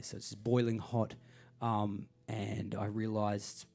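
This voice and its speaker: A man's voice: mid-range voice, gravelly, a little mellow. A man, a singer-songwriter, telling a rambling, self-deprecating story between songs at a live gig. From Australia.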